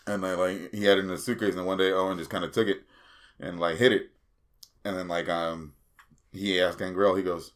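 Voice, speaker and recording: A man's voice: deep voice, steady tone, fairly quick. A man hosting a casual podcast chat, telling long rambling anecdotes full of fillers and swearing. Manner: rambling storyteller, swears freely, many fillers.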